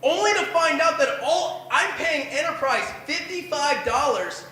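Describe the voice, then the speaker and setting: A man's voice: extremely high pitch, expressive, a little slow, sharp tone, heavy reverb, rough recording. A man in his twenties telling a rambling, profane, self-deprecating story as a stand-up performer at a bar open mic night. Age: 20s.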